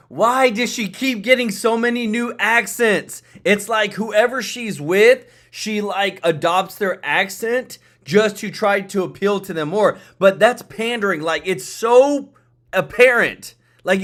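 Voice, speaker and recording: A man co-hosting who reacts in an exasperated, indignant tone during casual chat. His voice sits high for a man. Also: animated, unhurried, a bit bright. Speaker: co-host.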